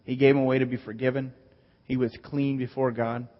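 A man preaching a sermon in an earnest, teaching manner, slowing down when he reads scripture aloud. His voice sits at a medium pitch. The recording is a little muffled and carries a long reverb, as in a large hall. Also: little pitch movement. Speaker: pastor.

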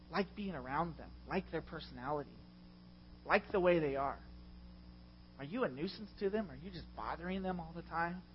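A middle-aged man preaching a sermon as a pastor, passionate and confessional, with loud swells. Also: a little high, highs cut off, background noise. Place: church.

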